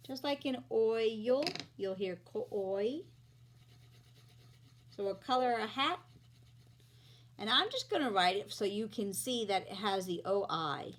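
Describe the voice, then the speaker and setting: Slow, patient woman teaching phonics. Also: mid-range voice. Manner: slow, patient, sounding out letters and vowel sounds. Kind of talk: phonics lesson for young children.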